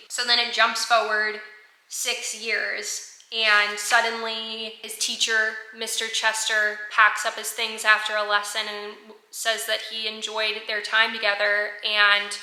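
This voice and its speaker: A woman's voice: a little high, completely flat delivery, measured pace, pushed and bright, reverberant, rough recording. A woman chatting casually in a reading vlog, gushing about a book she is reading and filling her talk with likes and ums. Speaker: book vlogger. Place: apartment at home.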